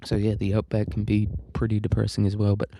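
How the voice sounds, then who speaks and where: A man's voice: on the low side, completely flat delivery, fast, dark tone. A man hosting a casual solo podcast, rambling offhand with crude jokes, fillers and restarts. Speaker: podcast host.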